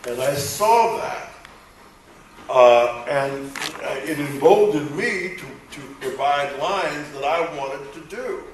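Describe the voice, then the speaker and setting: A man's voice: a little high, takes it slowly, far from the mic, a little hiss or hum. An older man, a voice actor on a convention panel, telling rambling anecdotes and acting out quoted dialogue for a live audience. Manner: animated, acts out quoted dialogue, rambling restarts. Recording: echoey convention hall, picked up from afar.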